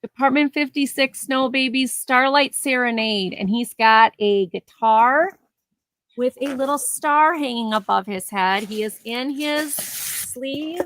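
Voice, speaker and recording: A woman's voice: sits high, fairly bright tone, no echo, poor audio. A chatty woman running a casual live sale from home, describing items and laughing easily. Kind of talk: casual live auction chat. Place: home, near her garage.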